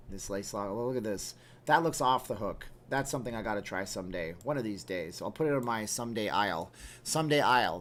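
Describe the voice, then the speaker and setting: Man, livestream host, chatty and jokey, mid-pitched voice, talking to viewers from home. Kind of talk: casual livestream chat reading viewer comments.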